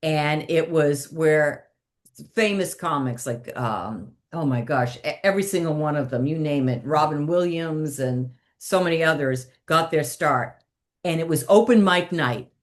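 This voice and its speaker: A woman's voice: low-pitched, unhurried. A middle-aged woman, a comedic impressionist, telling stories animatedly in an interview and laughing often. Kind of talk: chatty interview storytelling.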